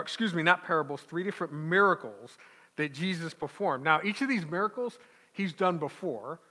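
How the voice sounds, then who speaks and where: A man's voice: a little high, sharp tone. A man preaching as a pastor, talking conversationally with asides and restarts. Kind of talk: sermon. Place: church sanctuary. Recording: long church reverb.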